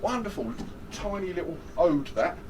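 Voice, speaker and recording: Animated male trainer, lively voice. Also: sits high, moderate pace, recorded from a distance, noisy background. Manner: animated, jokey, chatty, asks the audience questions. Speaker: workshop trainer on stress management. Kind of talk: lively interactive workshop talk.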